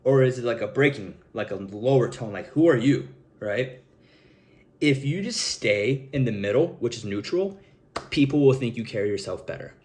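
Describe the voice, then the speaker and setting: A man's voice: mid-range voice, expressive, fairly quick, darkish tone. A young man talking straight to camera in a loose, rambling way, full of fillers and casual swearing. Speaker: self-improvement vlogger. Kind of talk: casual advice monologue.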